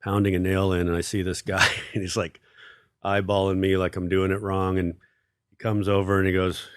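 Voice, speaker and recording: A man as a podcast guest telling a self-deprecating story, halting with many fillers. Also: low-pitched, flat delivery, clear, resonant tone, dry recording, studio quality. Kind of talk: casual storytelling interview.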